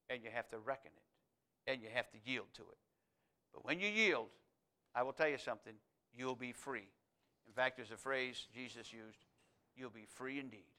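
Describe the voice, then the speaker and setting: A man preaching a sermon, moving between loud, emphatic declarations and quiet, intimate asides. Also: medium pitch.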